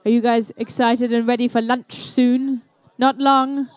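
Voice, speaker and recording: High-voiced playful New woman commentator. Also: level tone, a little slow, clean tone, no echo. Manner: playful, chatty, upbeat. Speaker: event commentator. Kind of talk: live competition commentary. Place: indoor competition venue.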